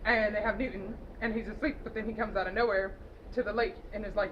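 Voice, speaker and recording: A woman chats through a movie plot in a loose, rambling way, laughing and correcting herself as she goes. Her voice sits at an ordinary pitch for a woman. The recording is dull and lo-fi, with a faint hiss underneath. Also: fairly even intonation, quick pace. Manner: giggly, loose, with frequent fillers and self-corrections. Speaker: movie reviewer. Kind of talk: casual rambling movie recap.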